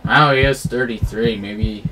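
A man's voice: medium pitch, fairly even intonation, moderate pace. A man giving live commentary on his online shooter match, grumbling and exasperated at his opponents. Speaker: gamer. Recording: game music and gunfire under voice. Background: game music and gunfire.

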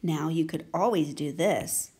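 A woman teaching young children to write letters, speaking gently and encouragingly and often asking if they can see. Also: low voice, breathy edge. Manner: gentle, slow and encouraging, asking many check questions. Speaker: handwriting teacher. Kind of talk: children's handwriting lesson.

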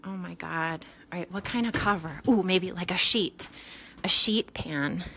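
In a casual live video from her home kitchen, a scared, shaky vlogger talks to viewers in panicky exclamations. Her pitch is fairly low, her pace unhurried, and background noise can be heard.

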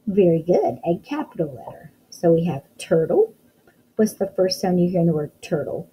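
Young female kindergarten teacher, dark warm tone, sing-song encouraging delivery, unhurried. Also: fairly low pitch, very animated, a little hiss or hum, low-quality recording. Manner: encouraging, sounds out letters slowly, frequent praise. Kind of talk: recorded phonics lesson for young children.

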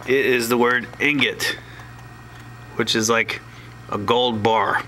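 A man walks through a tutorial step by step at an unhurried, deliberate pace, speaking as a teacher in an ordinary middle pitch. His explaining is slow and plain with asides, and a steady noisy hiss runs under the recording.

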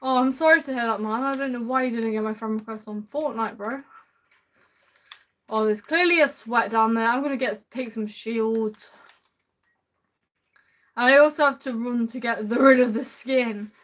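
A woman's voice: a little high, moderate pace, pauses often, fairly bright tone. A woman streaming gameplay live, chatting with viewers in an upbeat way and calling them man and bro. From United Kingdom.

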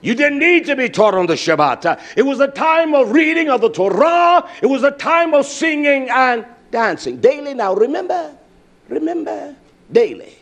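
High-pitched emphatic male preacher. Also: big pitch swings, normal speed, few pauses, a bit bright. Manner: emphatic, repeats key words, many "uh" fillers. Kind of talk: sermon.

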